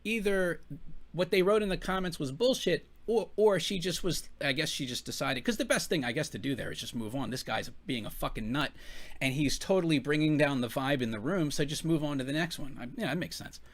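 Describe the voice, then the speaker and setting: A man's voice: on the high side, brisk. Rambling, profane American man. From United States. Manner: rambling, profane, restarts his sentences often. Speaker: reaction commentator. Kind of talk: casual reaction commentary.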